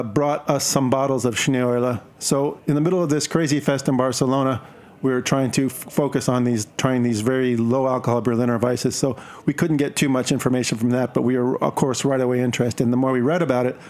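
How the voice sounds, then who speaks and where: A man's voice: mid-range voice, a little mellow. A man from the United States, a beer importer and guest on a radio show, telling a story in a chatty, joking way. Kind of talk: radio interview.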